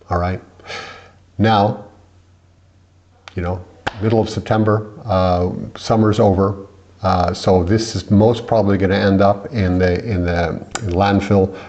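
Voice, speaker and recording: A man's voice: low voice, a little mellow, highs cut off. A middle-aged man from the United States, irritated and rambling as he complains in a vlog, with many restarts. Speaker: vlogger.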